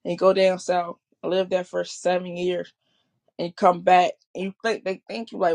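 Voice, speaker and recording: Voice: medium pitch, level tone, normal speed, vocal fry, a little mellow. A speaker from Chicago with a Chicago accent, talking in a rambling, repetitive casual monologue. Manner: rambling, repeats and restarts often. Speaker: vlogger.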